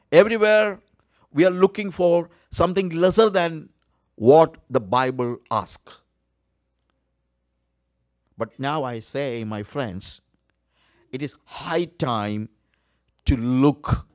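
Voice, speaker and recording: Guy preaching slow and deliberate, keeps repeating words for emphasis. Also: mid-range voice, darkish tone, dry recording, studio quality. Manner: earnest, repeats key words for emphasis, frequent uh fillers. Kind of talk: sermon.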